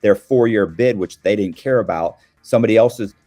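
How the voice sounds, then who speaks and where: A man in his fifties appears as a guest commentator in a casual podcast conversation, speaking at normal speed in a fairly low, warm voice. He is blunt and streetwise and acts out the voices he quotes, with soft music playing in the background.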